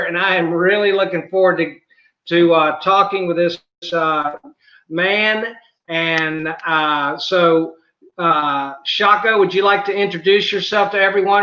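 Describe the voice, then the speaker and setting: A man's voice: high-pitched, steady tone, measured pace, bright, forceful tone, echoey room, lo-fi sound. A man with a Southern drawl hosting a podcast interview, speaking folksily with plenty of fillers. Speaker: podcast host. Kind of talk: casual interview.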